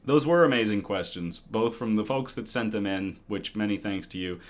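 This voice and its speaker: A man's voice: lowish voice, lively intonation, moderate pace. A man hosting a casual livestream chat, reading viewer comments aloud and laughing often. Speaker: host.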